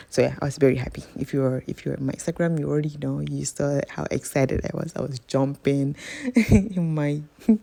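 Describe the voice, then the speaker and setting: Gravelly low-voiced woman. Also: normal speed, mellow. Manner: chatty, rambling, keeps addressing viewers as guys. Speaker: cooking vlogger. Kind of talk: casual cooking vlog.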